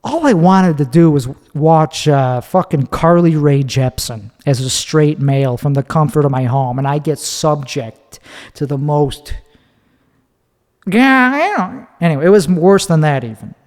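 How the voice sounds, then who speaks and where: A man's voice: on the high side, normal speed, warm tone, in a large hall. A man hosting a solo podcast, talking in a profane, rambling, opinionated way while standing. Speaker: podcast host. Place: recorded standing up.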